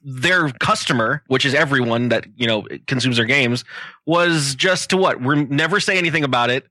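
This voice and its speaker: A man's voice: mid-range voice, moderate pace, bright, forceful tone, dry recording. A man co-hosting a podcast, telling a story in casual chat, swearing and packing his speech with "like". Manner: storytelling, profane, full of "like"s. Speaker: podcast co-host.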